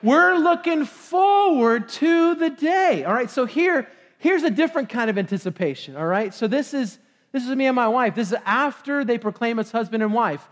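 Excitable high-voiced pastor preaching. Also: male voice, normal speed. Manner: excitable, bursts into shouts then reins himself in. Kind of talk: sermon. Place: church sanctuary.

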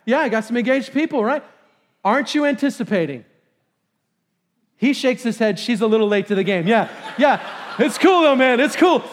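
Pastor, male, very high-pitched, excitable sermon delivery that swings from shouting to calm. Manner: excitable, bursts into shouts then reins himself in. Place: church sanctuary.

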